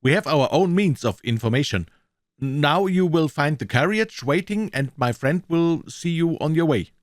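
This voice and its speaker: A man's voice: fairly high pitch, expressive, normal speed, no room sound, studio quality, voice pushed up, close to an everyday voice. A man with a German accent voicing a sinister, giggling older male kidnapper who threatens his captive. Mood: menacing. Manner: menacing, sneering threats.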